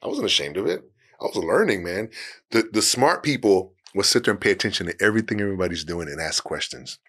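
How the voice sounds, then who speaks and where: A man's voice: sits low, lively intonation, fairly bright tone, slightly rough. A man, an actor guest on a podcast, giving casual career advice in an easygoing way, laughing often and acting out short exchanges. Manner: easygoing, laughs often, acts out quick dialogues.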